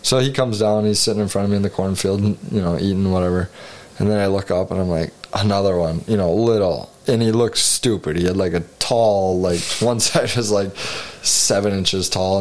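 A man co-hosting a podcast, rambling through a hunting story in casual chat with frequent swearing. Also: deep voice. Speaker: podcast co-host.

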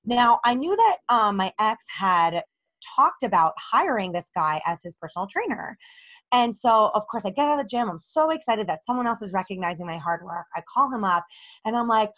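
A young adult woman, a relationship coach, candidly telling a personal story in a podcast interview and acting out the dialogue in it. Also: moderate pace. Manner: animated, acts out quoted dialogue with rising pitch.

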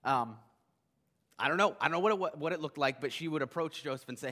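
Guy preaching, kinda high voice, chatty and animated, long hall echo. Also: fast. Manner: conversational, animated, many restarts. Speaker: pastor. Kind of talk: sermon.

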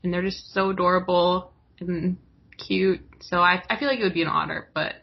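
A young woman talking casually in a soft-spoken, agreeable way. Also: on the low side, fairly even intonation, normal speed, creaky, breathy edge. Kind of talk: casual chat. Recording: dull lo-fi recording.

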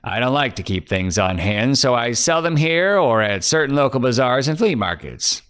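A man voicing a gruff, suspicious middle-aged pawnbroker who growls out blunt answers. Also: mid-range voice, very animated, normal speed, a bit bright. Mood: lecturing.

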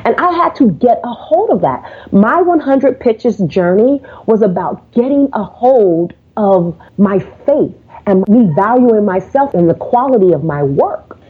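A woman guest on a podcast telling stories about pitching, acting out phone calls in quoted voices. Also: expressive, a little slow, few pauses, breathy edge. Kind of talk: casual interview storytelling. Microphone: remote call. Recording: tinny phone-like line.

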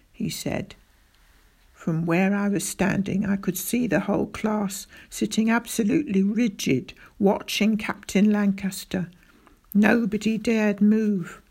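Slow, gravelly woman reading a story. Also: medium pitch, warm tone. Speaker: audiobook narrator. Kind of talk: scripted storybook narration as a boy.

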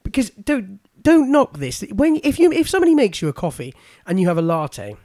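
A man's voice: high-pitched, huge pitch swings, brisk, warm tone, no room sound, studio quality. A British man co-hosting a podcast, riffing playfully and enthusiastically in casual chat.

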